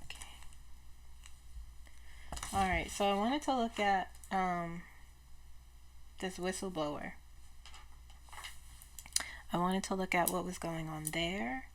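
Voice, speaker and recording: A woman channeling and reading tarot, speaking slowly with many pauses and fillers. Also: fairly low pitch, slight background noise. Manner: slow, hesitant, many fillers and restarts. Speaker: psychic reader and channeler. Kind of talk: casual spiritual channeling and tarot talk.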